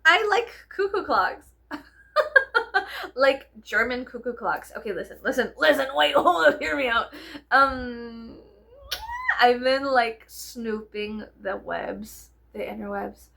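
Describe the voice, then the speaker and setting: A woman's voice: a little high, slow pace, vocal fry, bright, forceful tone. A young woman with a Southern US accent, chatting casually to camera at home, rambling, swearing, and slipping into whispers. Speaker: vlogger.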